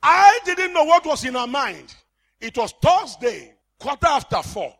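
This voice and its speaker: A man preaching a sermon with passion, often shouting for emphasis. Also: very high voice, sing-song, a little slow.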